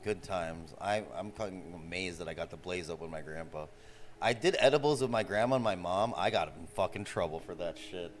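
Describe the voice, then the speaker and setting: Low-voiced and fairly quick, a streamer in his forties rambles through animated, crude anecdotes, peppering them with "bro." A faint hiss or hum runs underneath.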